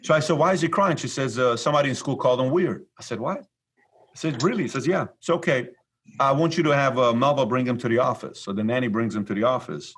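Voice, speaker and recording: Guest, male, 40s, from Iran; husky mid-pitched voice, animated repetitive storytelling. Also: fast. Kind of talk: storytelling interview talk.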